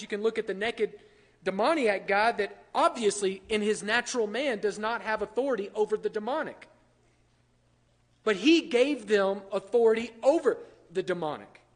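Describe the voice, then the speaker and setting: A man with a high-pitched voice preaches a sermon and talks it through with the congregation, turning to them with questions. The sound rings with the long echo of a church hall. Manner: conversational, asks the congregation questions. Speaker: pastor.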